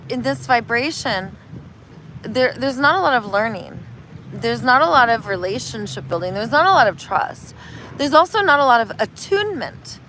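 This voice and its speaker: A woman, a spiritual healer, talking casually and telling animated stories, acting out voices as she goes. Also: a little high, a little hiss or hum, poor audio. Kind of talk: casual street conversation.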